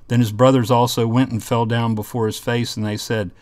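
A man's voice: medium pitch, little pitch movement, fairly quick, a little mellow, no room sound. A man teaching a Bible lesson, reading scripture passages aloud and explaining them in an earnest way.

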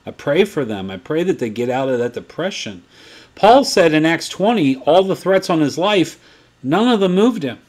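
A man in his fifties teaching from the Bible in a sermon style, swinging between quiet asides and excited high points. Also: normal speed. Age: 50s. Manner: animated, swings from low asides to excited peaks.

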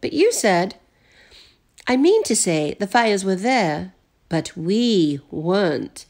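A woman's voice: medium pitch, very animated, slow, darkish tone. Polite English butler in a storybook read-aloud, voiced by a woman, formal and precise. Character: polite English male butler, calm and clever.

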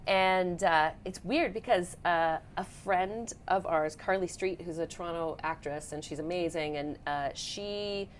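A comedy actress in her forties chats in an animated way during an interview. Her voice is low for a woman. A faint hiss sits under the recording. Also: a little slow, few pauses. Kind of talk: casual interview chat.

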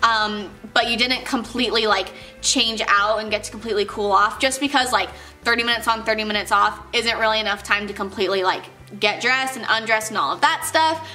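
High, bright-voiced young woman vlogger. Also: brisk, few pauses, soft background music. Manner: chatty, many "like"s, acts out quoted voices. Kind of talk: casual storytelling to camera.

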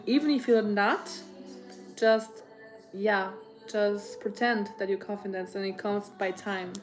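A woman's voice: mid-range voice, steady tone, a little slow, over music. A young woman co-hosting a casual livestream with her boyfriend, giving short, hesitant answers. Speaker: co-host, host's girlfriend.

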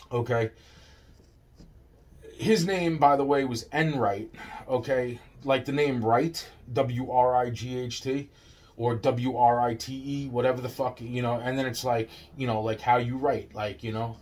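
Brief: man, mid-pitched, rambling profane storyteller, loops back on himself constantly. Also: a little mellow. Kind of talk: rambling personal story monologue.

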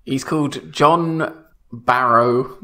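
A man's voice: medium pitch, sharp tone. A man co-hosting a comedy podcast, playful and joking as he riffs on a movie idea. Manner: playful, joking, quick to laugh along. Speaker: podcast co-host. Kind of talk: improvised comedy chat.

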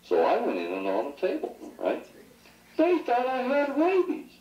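A middle-aged man, the son giving a toast at a family anniversary party, rambles through joking, teasing anecdotes and laughs at his own stories. His voice is very high-pitched and swoops wildly in pitch at a moderate pace, with a slightly mellow tone. The echoey 1980s home video was shot from far off in the party room, sounding muffled with a little hiss or hum.

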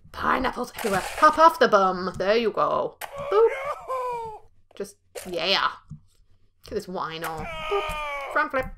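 A young woman giving loud, profane, jokey commentary while playing a video game. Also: mid-range voice, background noise. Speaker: gameplay streamer. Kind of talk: let's play commentary.

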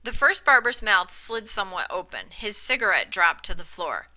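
A woman reads a classic short story aloud in a very bright, sharp-edged voice. She narrates at an even middle pitch, now and then stumbling and restarting a phrase, and lifts her tone for the quoted speech. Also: moderate pace, low-quality recording. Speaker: reader. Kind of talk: audiobook narration.

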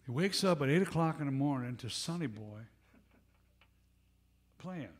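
His voice slightly high and his intonation lively, a bandleader who plays harmonica spins a meandering, conversational tale between songs at a live show. He talks at a normal speed, and a stage mic in the music club records it, asides and all.

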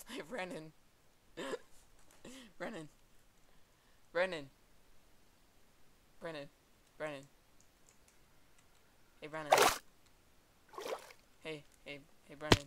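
A male gamer chatting casually while playing with a friend, excitable, swearing and laughing a lot. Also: on the high side, drawn-out words, long pauses, a little hiss or hum. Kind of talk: casual gameplay chat.

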